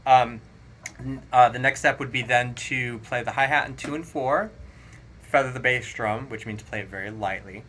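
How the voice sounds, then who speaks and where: A man teaching a drum lesson, counting rhythms aloud in a relaxed, explanatory way. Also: medium pitch, moderate pace, background noise. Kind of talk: casual spoken drum lesson. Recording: drums playing clearly behind the voice. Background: drum kit playing.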